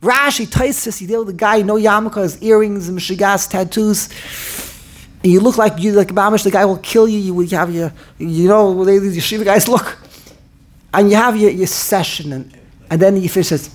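A man teaching a Torah class in an animated way, often repeating himself and restarting his sentences. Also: high-pitched, a little fast. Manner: animated, repetitive, stumbles and restarts mid-sentence.

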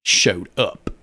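A man's voice: fairly high pitch, bright, forceful tone, husky, no room sound, studio quality. A man with a Southern US accent co-hosting a podcast, joking loosely with lots of swearing. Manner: profane, joking, quick asides. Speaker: podcast co-host. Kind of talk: casual chat.

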